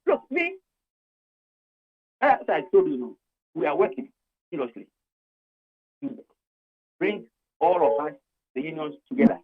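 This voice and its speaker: A man's voice: fairly high pitch, lively intonation, normal speed, long pauses, phone-quality sound. An older man with a Ghanaian accent, a labour union leader arguing emphatically on a radio talk show, repeating his points and switching between English and Twi.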